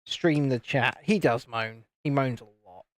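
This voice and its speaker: A man from the UK casually chatting on a live stream while building LEGO, teasing his friends and reading out viewer comments. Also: unhurried. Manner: mimics friends in higher voices.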